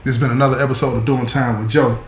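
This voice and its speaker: Animated storytelling man, echoey room. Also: medium pitch, rapid-fire, a little hiss or hum. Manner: animated, acts out quoted voices. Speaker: host.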